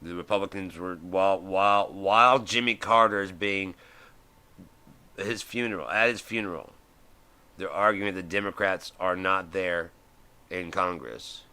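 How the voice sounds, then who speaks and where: A man's voice: sits low, measured pace, sharp tone, clear, resonant tone. A man, middle-aged, hosting a live stream and ranting in a heated, profane way, acting out the voices he quotes. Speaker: host.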